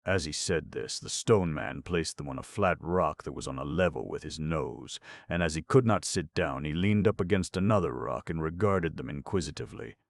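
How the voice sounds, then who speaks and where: A man narrates a storybook in a steady, measured reading. His voice is extremely low with a gravelly edge. The recording is dry and close, with no room sound. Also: no echo. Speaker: audiobook narrator.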